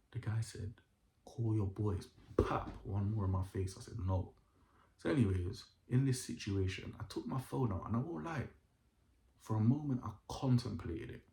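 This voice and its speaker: A man's voice: lowish voice, a little mellow. A young man telling a story to camera in casual street slang, acting out the quotes of the people in it. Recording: echoey room.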